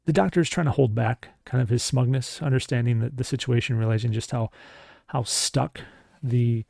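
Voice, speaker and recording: A man's voice: mid-range voice, normal speed, gravelly, dark tone, husky, dry recording, studio quality. A man narrating a solo tabletop game as game master, casual and meandering with many restarts.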